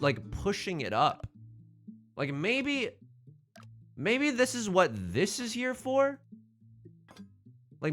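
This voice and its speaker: A man streaming a building game live, thinking aloud in an excitable, joking way and swearing at his own designs. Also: fairly high pitch. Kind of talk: live gameplay commentary.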